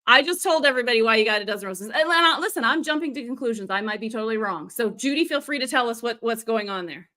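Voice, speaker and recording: A woman's voice: on the high side, expressive, fast talker, few pauses, sharp tone. A woman coaching an audience on a live stream, upbeat and chatty, often checking in with "okay?" and answering viewer comments. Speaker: business coach hosting a livestream.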